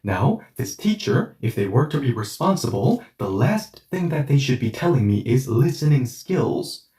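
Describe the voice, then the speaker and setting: Lively male teacher, roomy distant sound. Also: medium pitch, normal speed. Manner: explains through hypothetical scenarios, conversational and animated. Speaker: language teacher. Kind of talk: online language lesson. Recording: roomy echo, voice set back from the mic.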